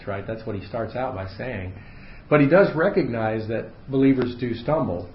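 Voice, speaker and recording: A man leading a casual Bible study, explaining the text in a relaxed, unscripted way full of fillers and restarts, to a small group in a room. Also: mid-range voice, brisk, a little hiss or hum. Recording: roomy, slightly dull room recording.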